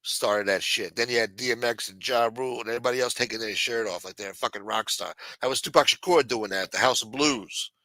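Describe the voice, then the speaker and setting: Blunt, profane man ranting, forceful tone. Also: mid-range voice, fast, few pauses, no echo, rough recording. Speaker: late-night show host. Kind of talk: casual talk-show rant.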